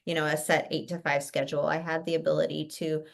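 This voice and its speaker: A woman's voice: deep voice, little pitch movement, fast, creaky. A woman pediatrician on a podcast, talking in an earnest, explaining way. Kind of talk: casual podcast conversation.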